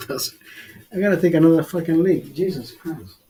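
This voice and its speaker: A middle-aged vlogger's fairly high, mellow, breathy voice comes through a low-quality recording as he slowly tells stories over drinks. His casual telling wanders, circles back on itself and is full of swearing.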